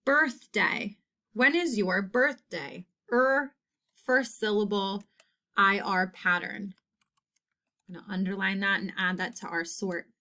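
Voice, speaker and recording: A woman teacher talks very slowly and carefully through a spelling lesson. She sounds out letters and repeats each word in a simple example sentence. Her voice sits at an ordinary middle pitch. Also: pushed and bright. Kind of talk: slow, deliberate phonics lesson.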